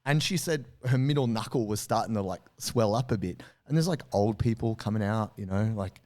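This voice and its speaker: A man co-hosting a podcast relates a story in loose conversation, speaking briskly in a lowish voice. He's lively throughout, putting on voices for every quote.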